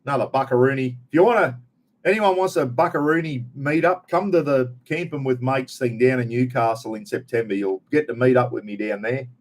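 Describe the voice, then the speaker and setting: A man's voice: medium pitch, a little fast. A middle-aged Australian man hosting a casual live chat, talking in a rambling, blokey, slangy way straight to his viewers. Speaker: live stream host.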